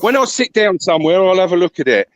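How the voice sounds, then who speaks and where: A man out of breath, chatting in a rambling, halting way while walking outdoors, talking into a phone. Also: high voice, big pitch swings, no echo, rough recording. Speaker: stream guest. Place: outdoors at a holiday park.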